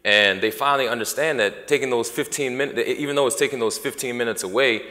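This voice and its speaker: A man's voice: mid-range voice, fast, sharp tone. A man giving a conference talk in an easygoing way, with lots of uh and you know. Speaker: conference presenter. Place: conference hall. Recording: echoey hall.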